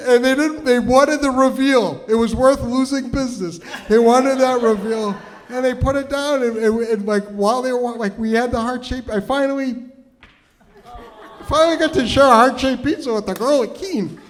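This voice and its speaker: High-voiced man telling a rambling stage story. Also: normal speed. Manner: rambling, lots of stammered restarts and "like"; swings from hushed and tender to loud and shouting. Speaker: storytelling comedian. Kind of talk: stand-up storytelling. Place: stage before a live audience.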